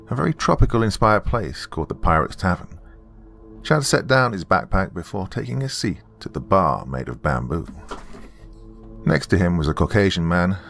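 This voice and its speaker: A man narrating a horror story with lively, expressive storytelling. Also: deep voice, creaky. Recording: soft music behind the voice.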